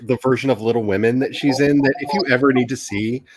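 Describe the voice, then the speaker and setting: A podcast host in casual chat, animated and laughing often, recorded over a remote call mic. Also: mid-range voice, fast talker, slight background noise, poor audio.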